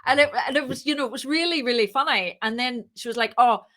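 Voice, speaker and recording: A woman, a startup founder, telling her story as a podcast guest, lively and acting out the voices in her anecdotes. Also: sits high, fast talker. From moved to Ireland. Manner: lively, acts out quoted dialogue. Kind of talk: casual interview storytelling.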